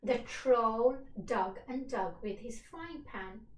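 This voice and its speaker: A woman teacher reading a storybook aloud for young children, slowly, clearly and expressively. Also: on the high side, expressive, slight background noise. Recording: echoey room, distant from the mic.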